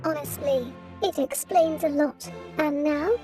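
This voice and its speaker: A tiny, very high-pitched mechanical helper with a fussy, doting lilt, as a woman puts her on. She calls everyone darling in a sugary way. Faint music plays behind her. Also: a little slow, mellow. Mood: sugary welcoming. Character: chirpy female clockwork assistant machine.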